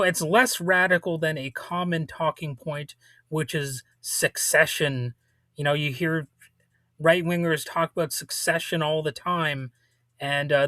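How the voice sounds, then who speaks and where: Male podcast host, a bit high-pitched, blunt casual delivery, dry close sound, voice slightly worn. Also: bright, forceful tone, no echo. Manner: casual, blunt, with frequent restarts and swearing. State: losing his voice a little. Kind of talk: casual political commentary.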